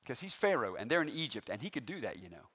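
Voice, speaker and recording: Animated male preacher with rhetorical questions. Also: mid-range voice, fast, breathy edge. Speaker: pastor. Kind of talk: sermon.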